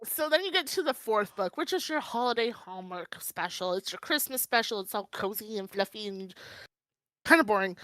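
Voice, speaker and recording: A woman's voice: mid-range voice, moderate pace, no room sound, low-quality recording. A young woman co-hosting a casual podcast, gushing dramatically with frequent laughter and swearing. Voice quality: laughs often, animated storytelling. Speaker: podcast co-host. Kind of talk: casual chat.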